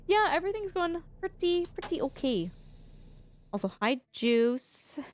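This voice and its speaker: A woman's voice: very high-pitched, very animated, takes it slowly, a little hiss or hum. A woman streamer chatting casually with her live viewers, bubbly and effusive, laughing often.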